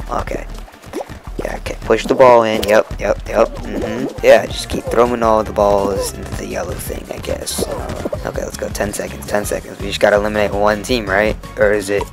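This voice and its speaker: Excitable young man over game music. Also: lowish voice. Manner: excitable, repeats himself, cheers on wins. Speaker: gaming video creator. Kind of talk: casual gameplay commentary. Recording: game music playing underneath.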